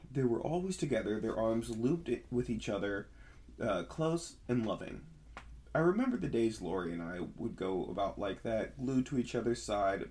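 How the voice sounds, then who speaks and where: Man reading a spooky story. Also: on the low side. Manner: relaxed, laughs easily. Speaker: podcast co-host. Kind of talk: reading a horror story aloud.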